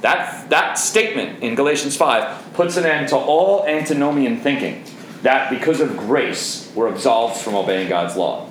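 Emphatic preacher with a lively voice. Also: male voice, medium pitch, moderate pace, echoey room, slight background noise, low-quality recording. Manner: emphatic, repeats key phrases, addresses the congregation directly. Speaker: pastor. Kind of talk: sermon.

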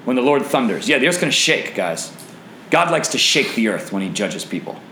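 A man preaching and teaching from the Bible, asking the audience questions, his voice swinging from low and grave to high and excited. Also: brisk, echoey room, a little hiss or hum, poor audio.

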